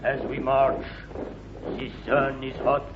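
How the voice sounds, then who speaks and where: Man playing a pompous legion captain, fake french swagger, loud hiss on an old muffled radio tape. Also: medium pitch, flat delivery, takes it slowly, close to an everyday voice. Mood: blustering. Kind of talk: 1950s radio comedy acting. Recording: hissy muffled 1950s radio recording.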